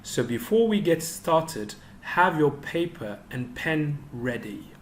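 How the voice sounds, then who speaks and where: Slow, clear-speaking male teacher. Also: fairly high pitch, sing-song, slight background noise. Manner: slow, clear instructional delivery. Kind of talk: online English lesson for children.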